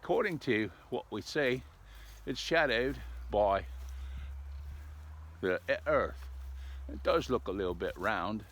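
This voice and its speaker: An older man with a fairly low voice rambles along in a folksy, chatty way, his pitch rising and falling with lively swings. He talks casually to a camera set up outdoors on a cold day. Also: takes it slowly, long pauses. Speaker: vlogger. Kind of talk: casual outdoor vlog chat.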